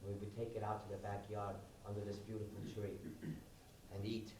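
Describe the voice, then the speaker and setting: A man playing a gentle older husband who quietly recalls his wife, speaking softly and wistfully. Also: on the low side, completely flat delivery, brisk, pitched below the performer's own voice, close to an everyday voice. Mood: tender, wistful. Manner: soft, quiet, wistful storytelling. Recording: echoey live room, distant mic, noisy.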